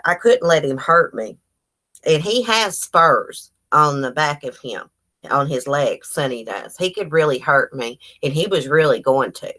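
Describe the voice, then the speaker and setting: A woman, chatting casually on a livestream and telling animated stories full of quoted dialogue. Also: low-pitched. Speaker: livestream host.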